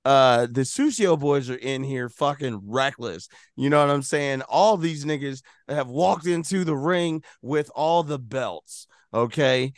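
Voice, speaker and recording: A man hosting a podcast with loud, exclamatory, profane banter. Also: medium pitch, measured pace, hardly any pauses, no echo, studio quality. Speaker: podcast host. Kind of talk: casual chat.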